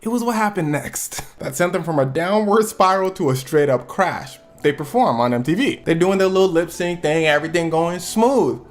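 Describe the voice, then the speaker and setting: A man's voice: on the high side, lively intonation, moderate pace, few pauses, faint music behind. An American man telling a story with comedy, using slang and acting out quoted people in different voices. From United States. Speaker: YouTube storyteller and reviewer.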